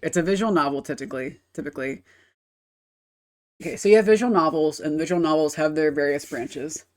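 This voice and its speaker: A woman's voice: low voice, fairly quick. A woman game streamer chatting casually on a live stream, rambling and explaining with casual swearing.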